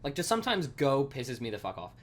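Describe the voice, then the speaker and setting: A man's voice: mid-range voice, sing-song, brisk, slight background noise. A man coding on a live stream, rambling and swearing with lots of fillers, muttering code to himself between rants. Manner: rambling, profane, many fillers. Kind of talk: casual live-coding rant.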